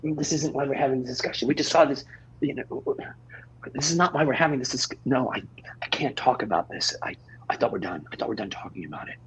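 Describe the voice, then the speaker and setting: A man's voice: medium pitch, fairly even intonation, a little fast, a bit bright, a little hiss or hum, lightly acted, rough recording. Man playing a frantic, stammering married dad. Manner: stammering, urgent, repeats himself. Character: flustered married man, father of many, pleading. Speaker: improv performer. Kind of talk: improv scene acting. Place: theater stage.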